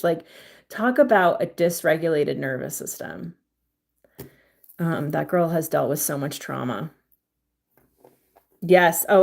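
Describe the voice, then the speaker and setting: A young woman chatting casually on a livestream, giving tarot readings to viewers, full of "like" and "um" fillers and warm pet names. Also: fairly low pitch. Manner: chatty, filler-heavy with frequent "like" and "um", affectionate to viewers. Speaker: livestream tarot reader and crystal seller.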